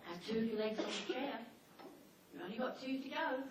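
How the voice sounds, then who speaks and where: A high-voiced woman dog trainer gives a lively seminar talk, acting out little scenes as she teaches. She sounds far from the microphone, in a hall with heavy reverb and faint background hiss. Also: a little fast. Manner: lively, animated storytelling.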